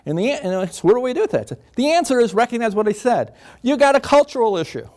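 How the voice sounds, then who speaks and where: An older man, a psychologist, giving an animated, conversational lecture to an audience in a classroom. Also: very high-pitched, quick pace. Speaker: guest speaker, psychologist. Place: lecture room.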